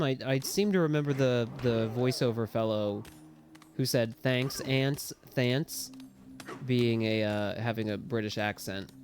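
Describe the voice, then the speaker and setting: A man's voice: medium pitch, a little mellow, slight background noise. A man giving casual, rambling gameplay commentary on a stream, joking and swearing as he plays.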